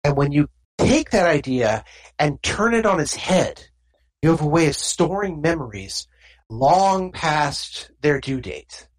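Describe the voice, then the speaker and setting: A game master voicing a calm, nonchalant man who guards a book of memories and talks in a soothing, cryptic way. The voice sits higher than the game master's own. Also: a little slow, low-quality recording.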